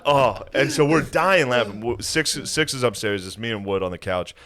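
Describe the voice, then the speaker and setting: A man's voice: mid-range voice, animated, moderate pace, fairly bright tone. A man hosting a podcast, telling a story in casual chat, acting out quotes and laughing often. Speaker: podcast host.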